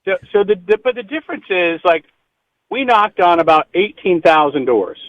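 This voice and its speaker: Male political candidate guest, eager and talkative, higher voice, dull muffled call-in sound. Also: sing-song, normal speed. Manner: eager, talkative, repeats words. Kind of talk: radio interview call-in.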